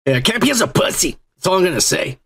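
Husky high-voiced man ranting crudely. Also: big pitch swings, fast, fairly bright tone. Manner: crude, ranting, repeats "yeah" in strings. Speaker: podcast co-host. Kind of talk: casual podcast chat.

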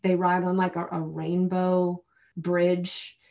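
Woman, 30s, podcast co-host, casual and animated, laughs a lot. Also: lowish voice, takes it slowly. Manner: chatty, animated, laughs often. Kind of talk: casual chat.

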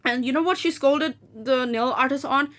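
A woman talking into her podcast mic in a loose, chatty rant. She is blunt and swears freely, and she slips into quick impressions of the people in her story. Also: high-pitched, a bit bright. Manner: blunt and profane, acting out quoted people. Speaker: podcast host.

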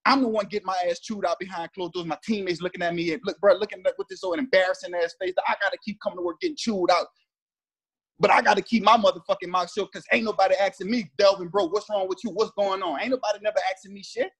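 A former pro football player in his thirties tells a heated story with a high, husky, somewhat bright voice at a quick pace. His casual talk is slangy and emphatic, and he acts out what others said in animated storytelling chat.

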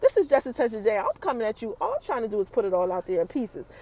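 A woman hosting a podcast and recapping a TV episode in a casual, chatty way. She talks straight to her listeners and fills her retelling with quick asides. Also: fairly high pitch, big pitch swings, background noise.

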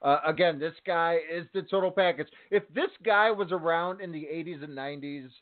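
A man co-hosting a casual wrestling talk show, enthusiastic and quick to laugh. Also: a little high. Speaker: podcast co-host. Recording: tinny phone-line audio.

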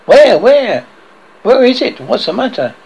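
A man's voice: high voice, huge pitch swings, unhurried, gravelly, slightly rough, highs cut off, full character voice. A man voicing a frightened old husband who speaks unsteadily and falters. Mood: shaken. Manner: shaken, faltering.

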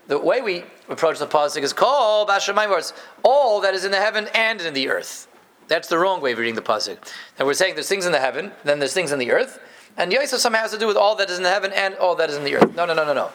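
A man teaching a live Torah class, his voice sitting a little higher than most men's. He talks animatedly, punching key words with sudden lifts and sinking into low asides. He jokes easily with his students. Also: racing. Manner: animated, emphatic, jumps between loud stresses and low asides.

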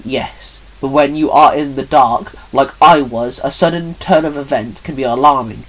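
A man's voice: medium pitch, moderate pace, natural voice, rough recording. A man voicing an angry woman guardian of time who growls and snaps her lines. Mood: calmer. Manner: growling, snapping. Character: furious woman time guardian, fierce and sharp.

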